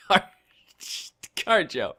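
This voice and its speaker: A man's voice: mid-range voice, bright, forceful tone, breathy edge. Young man ranting over gameplay. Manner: ranting, profane, rambling. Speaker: gaming channel host. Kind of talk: casual let's-play commentary.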